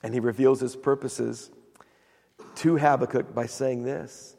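A man preaching a sermon as pastor, telling a Bible story with animated retellings of the quoted voices. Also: mid-range voice, measured pace, vocal fry, in a large hall.

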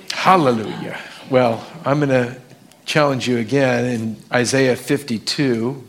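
A pastor preaches a sermon in a mid-range, fairly bright voice at a moderate pace. He reads scripture aloud and poses questions to the congregation.

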